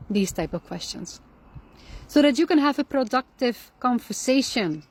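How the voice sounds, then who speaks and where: A woman giving calm, earnest spiritual advice on anger and forgiveness, repeating her key phrases for emphasis. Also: fairly high pitch, normal speed, slightly rough. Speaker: Islamic lifestyle speaker. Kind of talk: reflective spiritual advice talk.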